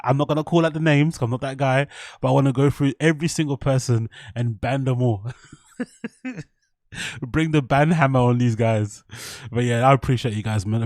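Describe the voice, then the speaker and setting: A man's voice: medium pitch, darkish tone, no room sound, studio quality. A man hosting a casual livestream, talking loosely to his viewers in slang and with plenty of swearing. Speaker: livestream host. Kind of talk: casual rambling livestream chat.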